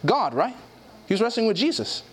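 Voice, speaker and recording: Guy preaching, fairly high voice, reads bible verses out and keeps checking if you're with him. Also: big pitch swings, brisk, slightly rough. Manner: asks the audience questions, reads scripture aloud. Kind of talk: sermon.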